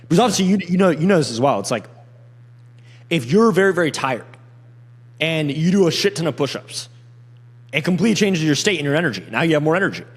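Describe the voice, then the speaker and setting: Young male closer, rapid-fire casual talker, acts out sales lines, echoey room. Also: a little high, breathy edge. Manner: fast, animated, acts out sales call lines. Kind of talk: casual podcast chat.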